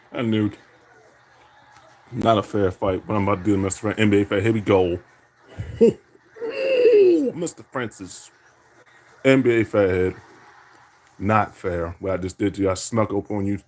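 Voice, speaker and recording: A man playing a basketball video game, calling his own plays and teasing his opponent with repeated catchphrases. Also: lowish voice. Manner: trash-talking, teasing opponent; catchphrase-heavy, repeating "indeed". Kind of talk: self-commentary while gaming.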